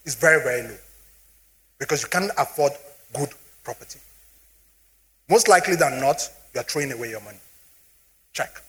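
Animated Nigerian man addressing an audience. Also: medium pitch, normal speed, pauses often. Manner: animated, asks the audience questions often. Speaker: speaker on personal finance. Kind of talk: motivational talk to an audience.

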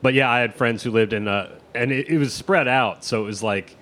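A man from Ohio, talking in a relaxed, halting way full of fillers as podcast host. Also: medium pitch. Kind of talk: casual chat.

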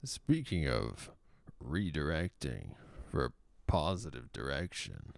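A man's voice: extremely low pitch, sing-song, slow pace, creaky, dry recording. A man delivering a sarcastic, opinionated commentary monologue with mocking, profane asides. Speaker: political commentator.

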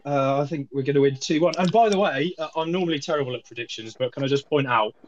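Quick-talking male panellist, teasing, muffled lo-fi phone sound. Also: fairly high pitch. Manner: quick, jokey, needling. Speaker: regular panel guest. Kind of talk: casual chat. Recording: dull lo-fi phone audio.

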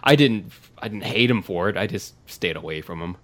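A man's voice: deep voice, animated, a little fast. An American man hosting a podcast in casual chat, chatty and self-deprecating, often restarting his sentences. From United States. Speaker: podcast host.

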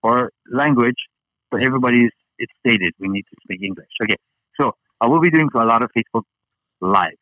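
A man's voice: medium pitch, brisk, no echo, dull audio. A man from Hawaii, a guest chatting casually and rambling with many fillers and restarts. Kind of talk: casual interview chat.

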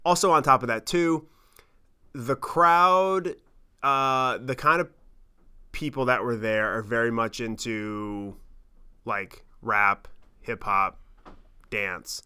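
A man in his thirties telling a travel story on his podcast, animated and rambling, with lots of swearing and fillers. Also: mid-range voice, slow pace, long pauses, smooth. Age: 30s. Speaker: podcast host. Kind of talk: casual storytelling monologue.

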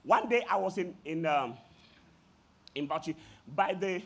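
A man with a Nigerian accent preaching a sermon as pastor, calling out to his congregation in an animated way. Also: high voice, measured pace, creaky, breathy edge.

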